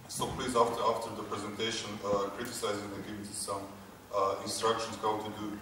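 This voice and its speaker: A man's voice: fairly low pitch, little pitch movement, brisk, sharp tone. Hesitant man lecturing in an echoey hall. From Croatia. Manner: hesitant, many fillers and restarts. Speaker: conference speaker. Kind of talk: academic talk. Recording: echoey hall, distant mic, background noise.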